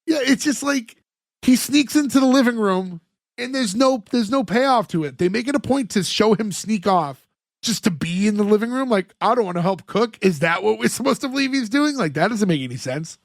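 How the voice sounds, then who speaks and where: A man's voice: high voice, lively intonation, normal speed, no room sound, studio quality. A man co-hosting a podcast in casual chat, retelling scenes at length with lots of "like" fillers. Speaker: podcast co-host recapping a sitcom episode.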